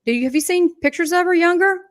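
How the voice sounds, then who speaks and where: A woman's voice: very high-pitched, fast. A woman with a Southern US accent, a psychic medium chatting and laughing as she passes on spirit messages. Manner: chatty, laughs often, relays quotes from spirit. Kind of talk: live medium reading.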